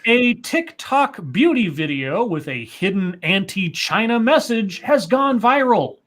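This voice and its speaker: A man's voice: sits high, very animated, a little slow, a bit bright. A man co-hosting a livestream, reading news articles aloud and breaking in with asides and self-corrections. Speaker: co-host.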